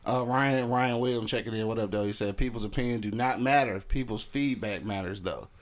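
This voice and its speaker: A man's voice: fairly low pitch, brisk. A man co-hosting a podcast, telling stories in loose, slangy, emphatic casual talk. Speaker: podcast co-host. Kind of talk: casual talk radio chat.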